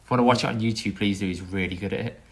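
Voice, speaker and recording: Chill low-pitched guy bantering on a podcast, jokey, swears a bit. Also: racing. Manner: relaxed, laughs easily, swears in jest. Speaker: podcast co-host. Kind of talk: casual podcast chat.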